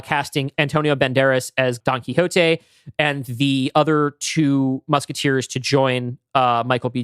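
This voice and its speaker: A man's voice: mid-range voice, smooth, dry recording, clean studio sound. A young man co-hosting a podcast, reading listener mail in a casual, chatty way. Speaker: podcast co-host.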